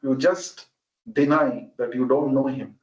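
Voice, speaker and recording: A man's voice: mid-range voice, steady tone, measured pace, close to an everyday voice. A man voicing a troubled older man torn over a promise, insistent and anguished. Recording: roomy, muffled online call audio.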